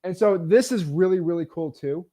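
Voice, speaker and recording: A man with a fairly high voice walks people through a sales method in a loose, casual teaching style. He talks with energy and emphasis, leaning on lots of "like" and "um" as he goes. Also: normal speed, warm tone. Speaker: real estate wholesaling coach.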